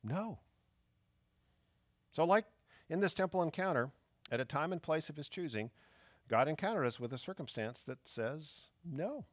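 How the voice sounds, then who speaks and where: A man's voice: a little high, fairly quick, no echo. Emphatic guy preaching a sermon, rhetorical questions, dead dry sound. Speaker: pastor.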